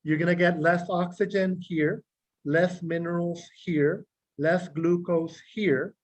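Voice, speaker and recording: A man, a clinical psychologist, explaining self-regulation to a group in a measured way, listing words slowly and asking questions. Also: high voice, fairly even intonation, low-quality recording. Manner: measured, repeats key words in slow lists; speaks directly to listeners, asks rhetorical questions. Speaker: clinical psychologist teaching a meditation class.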